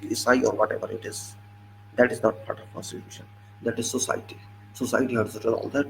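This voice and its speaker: A man with an Indian English accent delivers a solo political commentary in a forceful, lecturing way. His voice sits at an ordinary pitch with a lot of gravelly fry, and he drives his points home by repeating phrases. A faint noise runs underneath. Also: steady tone, fairly quick, poor audio.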